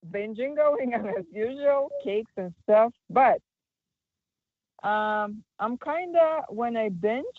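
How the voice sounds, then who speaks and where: A woman's voice: mid-range voice, no echo. Woman caller rambling away, tinny phone sound, super dry. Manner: chatty, candid, rambling. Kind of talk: candid phone-in chat.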